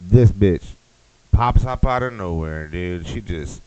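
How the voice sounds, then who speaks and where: A man with a very low voice rambles through a crude comedic rant as a podcast host. His loose, swearing delivery sounds close and dry. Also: animated, takes it slowly, a little mellow, dry recording, muffled recording.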